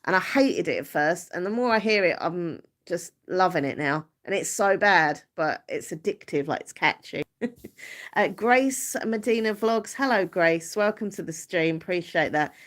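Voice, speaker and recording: A woman's voice: lowish voice, lively intonation, normal speed, a bit bright. A woman with an Essex accent hosting a casual live stream, chatty, giggly and self-deprecating. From Southend-on-Sea, Essex, England.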